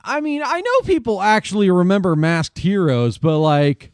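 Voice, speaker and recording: A male streamer rambling casually to his chat, dropping swear words into animated complaints. His voice sits fairly high and swings widely in pitch. The sound is dry and close. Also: moderate pace, smooth, no room sound.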